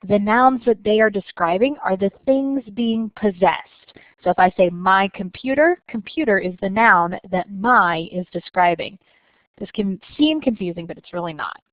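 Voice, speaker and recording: A woman teacher explaining a lesson patiently and clearly, slowing down to stress each example. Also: medium pitch, expressive, no room sound, muffled recording. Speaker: French teacher. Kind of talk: recorded lesson narration.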